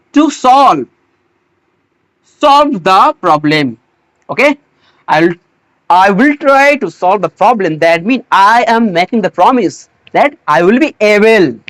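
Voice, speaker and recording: Slow, halting grammar teacher. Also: mid-range voice, very animated, a bit bright, no room sound. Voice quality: non-native English phrasing. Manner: halting, repeats words and restarts often. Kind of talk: slow explanatory grammar lesson.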